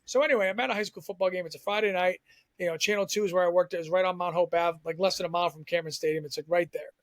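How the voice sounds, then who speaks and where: A man from Southern Maine, a former TV sports reporter, telling stories as a podcast guest in an animated, chatty way. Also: sits high, dry recording. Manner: animated storyteller, quick and chatty. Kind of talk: casual podcast storytelling.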